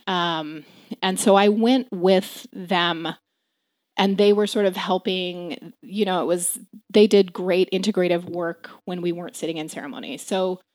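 Soft-spoken woman in her forties, dry close sound. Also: lowish voice, steady tone, dry recording. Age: 40s. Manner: halting, soft-spoken, many fillers and restarts. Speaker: guest. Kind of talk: candid personal storytelling.

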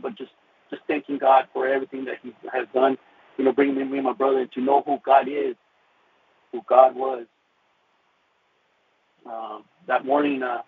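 A man with a gravelly, creaky voice recounts his faith testimony in an earnest, halting way, restarting phrases often. The sound is thin and phone-like, as on a radio call-in line, with a faint hiss underneath. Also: medium pitch. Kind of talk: personal testimony storytelling. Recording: tinny phone-like radio recording with faint noise.

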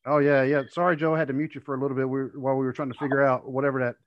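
Easygoing host, slightly dull audio. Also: male voice, medium pitch, flat delivery, rapid-fire, slight background noise. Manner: easygoing, laughs often. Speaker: podcast host. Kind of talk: casual panel chat. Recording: dull lo-fi sound.

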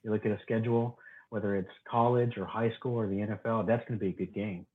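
A man's voice: lowish voice, steady tone, quick pace. A man, a podcast guest, talking eagerly about football with restarts. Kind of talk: casual chat. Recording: tinny phone-like call line.

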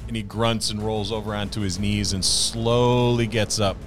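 A man leads a tabletop game, narrating the action in vivid detail. His voice is somewhat low, with music playing behind him. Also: steady tone, normal speed, hardly any pauses, fairly bright tone. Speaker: game master.

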